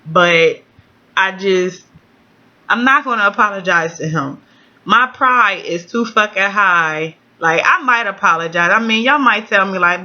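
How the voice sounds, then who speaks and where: A woman's voice: mid-range voice, animated, unhurried, sharp tone, highs cut off. A woman venting in a casual home vlog, blunt and outspoken, swearing freely. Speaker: vlogger.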